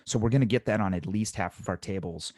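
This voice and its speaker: A man's voice: fairly low pitch, quick pace, darkish tone, no echo. A man teaching restaurant servers in an instructional talk, coaching them through the math step by step and repeating key points for emphasis.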